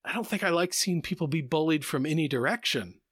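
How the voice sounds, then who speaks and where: A man's voice: fairly high pitch, animated, fairly quick, a bit bright, husky, no room sound, studio quality. A man in casual podcast conversation, thinking aloud reflectively with frequent restarts. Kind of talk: casual chat.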